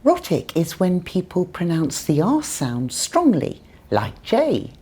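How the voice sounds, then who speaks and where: A British woman with a non-rhotic accent leads a pronunciation lesson. Her voice sits fairly low yet swoops widely in pitch, and she speaks slowly, with a soft, mellow, slightly husky tone. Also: huge pitch swings. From Britain. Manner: clear, careful modelling of words. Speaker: English teacher, co-host.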